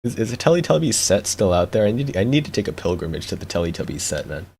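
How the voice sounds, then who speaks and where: A man's voice: lowish voice, very animated, fast, darkish tone, slightly rough. A young man streamer chatting casually, rambling, repeating words and laughing often. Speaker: VTuber streamer.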